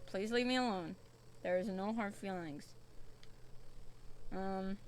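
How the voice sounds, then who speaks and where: A woman's voice: mid-range voice, slow, long pauses. A young woman from the UK streaming a spooky VR game, chatty and jumpy, swearing often as she reacts. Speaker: VTuber streamer.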